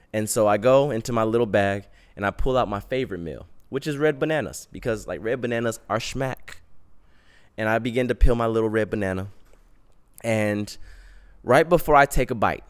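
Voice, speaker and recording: A man hosting a podcast, telling a personal story in an animated, slangy way. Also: lowish voice, clean tone. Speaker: podcast host.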